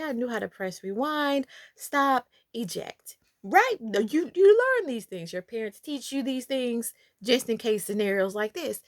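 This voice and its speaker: Lively young woman telling a story. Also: sits high, no echo, clean studio sound. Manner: animated, playful, talks straight to viewers. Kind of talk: casual storytime.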